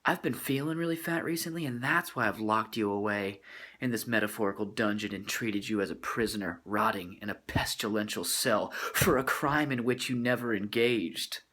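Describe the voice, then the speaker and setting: A woman's voice: rumbling low, moderate pace, a bit bright. A man voicing his moody young girlfriend in a comedy vlog, sneering and theatrical. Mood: sulky. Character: moody young woman, sulky then sweetly flippant.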